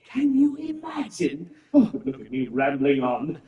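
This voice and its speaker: A man's voice: fairly high pitch, wildly swooping pitch, a little slow, lo-fi sound. An actor playing a fussy, vain male aristocrat who gushes and rambles theatrically. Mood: gushing. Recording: roomy, distant, game music behind.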